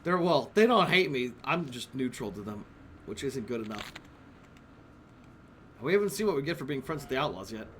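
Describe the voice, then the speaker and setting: A man's voice: medium pitch, big pitch swings, normal speed, long pauses, fairly bright tone, slight background noise. A man streaming a video game, rambling casually and swearing as he plays. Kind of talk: casual gameplay commentary. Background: game music.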